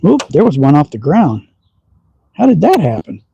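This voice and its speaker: A man's voice: a little high, wildly swooping pitch, moderate pace, vocal fry, dark tone, muffled recording, slight background noise. Folksy Texan man with slight Southern twang. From Texas. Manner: folksy, teasing, chuckles often. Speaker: slingshot livestream host. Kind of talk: casual livestream chat while shooting. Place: outdoor backyard shooting range.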